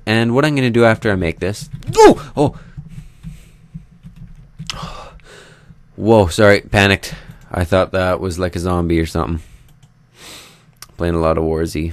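Here a young man with a low-pitched voice speaks at normal speed, with no room sound in the recording. He hosts a Minecraft let's play, giving loose, chatty commentary over his gameplay, addressing viewers as he builds and poking fun at himself.

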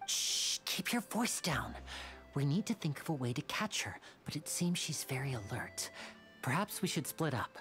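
A woman voicing a charming young stage magician, low and lively. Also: normal speed, music in the background. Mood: hushed. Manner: smooth, teasing and gently persuasive. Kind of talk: video game voice acting.

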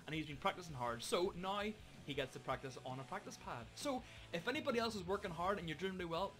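A man's voice: a little high, fairly bright tone. A young man, a drum teacher giving a casual, jokey video lesson for children. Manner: jokey, upbeat, self-mocking.

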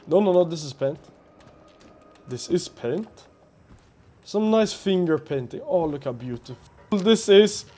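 A man narrating his own horror game playthrough, his voice pitched a little high and swinging widely as he gets startled. He talks slowly and swears a lot, with nervous laughs. A faint hum of ambience sits under the recording. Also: animated, darkish tone. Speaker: let's play gamer.

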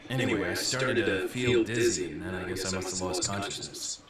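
Man plays a low, steady game agent, far off, loud crowd. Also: a little fast, natural voice. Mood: calm. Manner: calm, matter-of-fact. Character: steady young male government agent. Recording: distant game audio with loud crowd noise.

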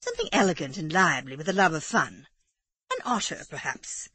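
A wry, unrepentant English lady in a storybook reading, talking calmly and drily, as a woman reader plays her. The voice is husky and low, with a lively lilt under the composure. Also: fairly quick, no room sound, heavily acted. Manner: dry, dispassionate, drily amused.

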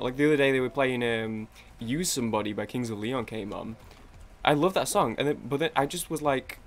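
Speaking quickly at a medium pitch, a young gaming YouTuber chatters away as he plays. His talk wanders, peppered with swearing, and he often breaks off mid-sentence.

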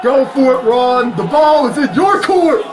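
A man hosting a reaction channel who yells, swears and laughs through his commentary, and whose voice is going hoarse. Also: very high voice, expressive, measured pace. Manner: loud, profane, shouting and laughing often. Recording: wrestling video's music and crowd playing underneath. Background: music and crowd noise from the watched video.

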